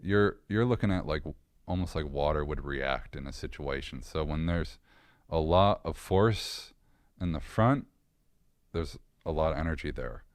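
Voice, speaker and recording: A man with an extremely deep voice tells his story to a podcast host, candid and earnest, often restarting his sentences. The sound is dry and close, with no room around it. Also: moderate pace, dry recording. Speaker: podcast guest. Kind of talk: personal story in casual interview.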